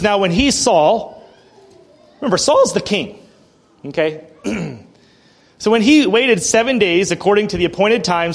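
A man preaching a sermon, telling a Bible story in a lively way with acted bursts and frequent throat clearing. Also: high-pitched. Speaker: pastor.

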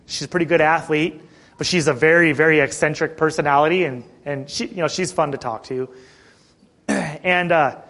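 A middle-aged man preaching a sermon in a conversational way, asking the congregation questions and often clearing his throat. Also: fairly high pitch, fairly even intonation, moderate pace, fairly bright tone. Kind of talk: sermon with personal story.

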